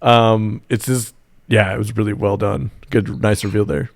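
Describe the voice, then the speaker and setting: A man's voice: on the low side, steady tone, moderate pace, noisy background. A man co-hosting a casual movie podcast, retelling scenes with quoted lines and swearing. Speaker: podcast co-host.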